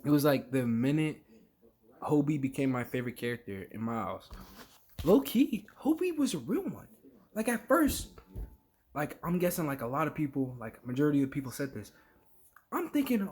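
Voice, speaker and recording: A vlogger in a casual, rambling rant to camera, packed with "like" fillers and quick acted-out quotes. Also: mid-range voice, sing-song, darkish tone. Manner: filler-heavy, lots of "like", jumps between thoughts; acts out quick quoted voices mid-story.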